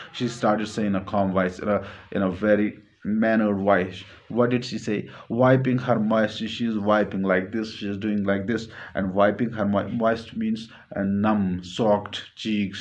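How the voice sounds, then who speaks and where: A male literature teacher explaining a short story in a classroom lecture, repeating himself, glossing word meanings and filling pauses. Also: lowish voice. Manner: repetitive, glossing words, many fillers.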